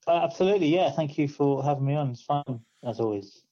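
Hesitant, mellow-voiced male podcast guest. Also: a little high, animated, fast, highs cut off. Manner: hesitant, joking. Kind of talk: casual chat.

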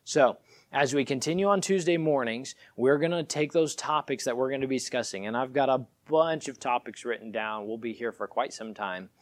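Man preaching, gets loud n punchy when he makes a point, normal pitch. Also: moderate pace. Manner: emphatic, rises in pitch and volume when stressing points. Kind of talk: sermon.

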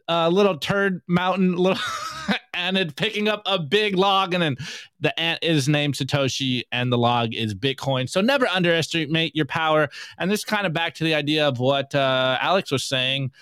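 A man co-hosting a podcast, running through memes in a casual, energetic, slangy way and laughing often. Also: a little high, smooth, no echo, studio quality. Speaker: podcast co-host. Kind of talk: casual meme review commentary.

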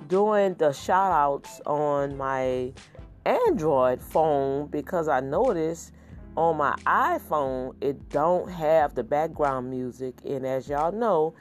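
A middle-aged podcast host talking in a loose, excitable and folksy way, repeating pet phrases like a preacher. The voice sits in an ordinary middle pitch. Soft music plays faintly underneath. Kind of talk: casual podcast monologue.

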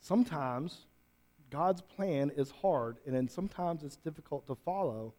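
A man preaching a sermon to a congregation, moving from quiet reflection to loud, emphatic peaks. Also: fairly high pitch, expressive, measured pace. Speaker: pastor. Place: church room with congregation.

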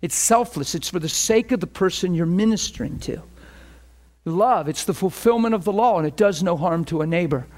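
High-pitched animated male preacher. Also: moderate pace. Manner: animated, acts out phone calls with rising pitch. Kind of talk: storytelling sermon.

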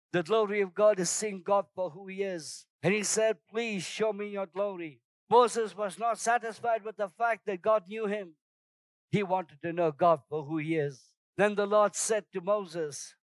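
A man's voice: sits high, no room sound. A man preaching a sermon as pastor, telling personal stories and calling on the congregation to respond. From outside Singapore, first trip abroad. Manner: storytelling, animated shouts in anecdotes.

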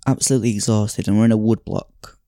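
A man's voice: lowish voice, fairly even intonation, quick pace, vocal fry, dark tone, no room sound, clean studio sound. A man hosting a podcast, telling a story in a reflective, casual way with frequent sighs and fillers. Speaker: podcast host. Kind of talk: casual storytelling and reading aloud.

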